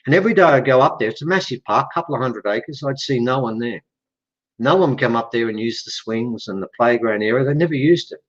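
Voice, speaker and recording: An Australian man speaking as a podcast guest, telling a story with lively back-and-forth quoted dialogue. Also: medium pitch, a little fast, muffled recording. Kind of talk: animated storytelling in conversation.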